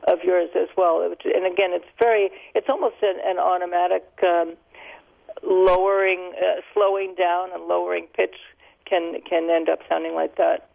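Older woman on a phone line, gravelly voice, explains things carefully, laughs a bit. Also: on the low side, flat delivery, normal speed. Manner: thoughtful, explanatory, laughs lightly. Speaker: linguist guest. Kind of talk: radio interview answers. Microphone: telephone.

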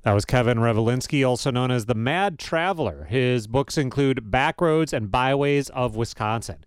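A man hosting a radio show, chatting casually with a relaxed, self-deprecating manner in a studio. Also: medium pitch, moderate pace, clear, resonant tone, no room sound. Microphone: studio microphone.

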